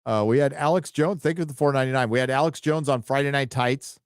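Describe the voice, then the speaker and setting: A man's voice: mid-range voice, quick pace, clear, resonant tone, no echo, clean studio sound. A man hosting a live stream, chatting casually and reading out viewer donations in an offhand, rambling way. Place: home studio.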